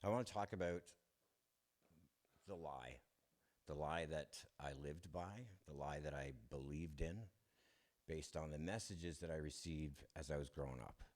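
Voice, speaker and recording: A man with an extremely low, darkish voice shares his recovery story candidly. He's self-deprecating, chuckles often, and keeps haltingly restarting his sentences.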